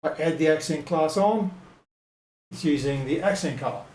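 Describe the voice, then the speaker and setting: A man talking through a web design tutorial in a casual, thinking-aloud way, full of ums and quick self-corrections. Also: on the high side, a little mellow, reverberant, rough recording. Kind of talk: casual screen-recorded tutorial.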